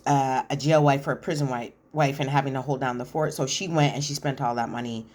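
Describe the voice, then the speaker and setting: Opinionated woman recapping with lively asides. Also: very deep voice, fairly quick. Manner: animated, opinionated retelling with slang asides. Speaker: reality TV commentator. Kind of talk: casual recap commentary.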